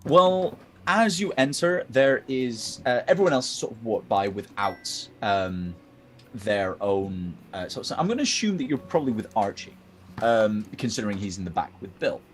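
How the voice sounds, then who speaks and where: A man's voice: fairly low pitch, lively intonation, normal speed, a bit bright, a little hiss or hum. A man narrating as dungeon master, rambling and hesitant with many fillers. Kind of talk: narrating a tabletop game.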